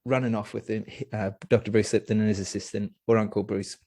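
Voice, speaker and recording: A young man tells a story as a podcast guest. His voice sits low and sounds dry and close. He talks eagerly and rambles, dropping plenty of fillers along the way. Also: little pitch movement, fast talker, mellow, dry recording. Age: young adult. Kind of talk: casual storytelling.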